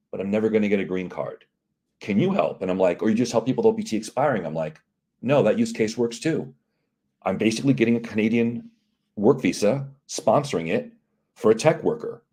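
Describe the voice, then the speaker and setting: A man with a lowish, mellow voice talks through his business story in a casual interview. He slips into quoted back-and-forth dialogue, doing the other people's lines with lively energy. The tone stays relaxed and conversational throughout. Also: slightly rough. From United States. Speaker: CEO of immigration and employment firm, guest.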